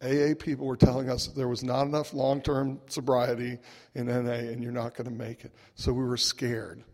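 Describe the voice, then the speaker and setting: At a recovery gathering, a man tells a humorous personal story in a wry, conversational way, chuckling and adding little asides. His voice is middle-pitched, flat in delivery, a little mellow, and moves at a normal speed. Picked up through a PA microphone, it rings with the long reverb of a large hall.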